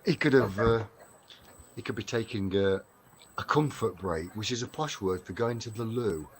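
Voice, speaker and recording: A man's voice: fairly low pitch, moderate pace, a little hiss or hum. An English man from Derbyshire hosting a casual live stream chat, chatty and laughing often, with plenty of fillers. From Derbyshire, England.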